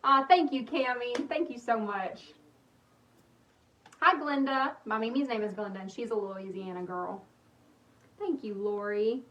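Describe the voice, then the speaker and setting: A woman's voice: fairly high pitch, measured pace, pauses often, a bit bright, highs cut off. A young woman, chatting in a bubbly, rambling way while she crafts on a livestream, talking to her viewers. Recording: roomy, slightly distant with faint hiss.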